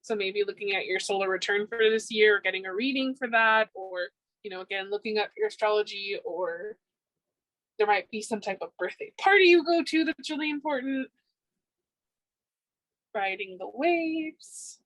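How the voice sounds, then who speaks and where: A woman's voice: mid-range voice, fairly quick, fairly bright tone, no echo, low-quality recording. A woman giving a casual pick-a-card tarot reading, upbeat and chatty, with frequent ums. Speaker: tarot reader.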